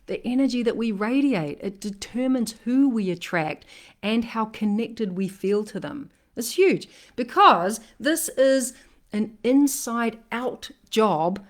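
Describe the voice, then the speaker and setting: Here a woman relationship coach chats through an informal live-streamed monologue at a medium pitch. She's energetic and forceful, often punctuating points with "right?".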